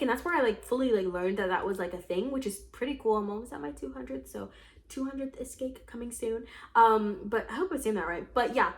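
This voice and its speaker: A woman's voice: fairly high pitch, a little fast. A young woman chatting casually as a podcast host, telling personal stories in a gushing, emotional way full of "like". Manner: gushing, emotional, filler-heavy with lots of "like". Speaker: podcast host and escape room game master. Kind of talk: casual storytelling chat.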